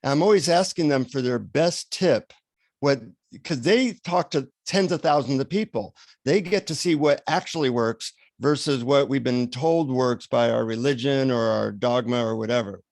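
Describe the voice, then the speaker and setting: A man telling an animated anecdote as a guest on an interview show. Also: mid-range voice, moderate pace, gravelly, dry recording. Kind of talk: storytelling in an interview. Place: radio show recording.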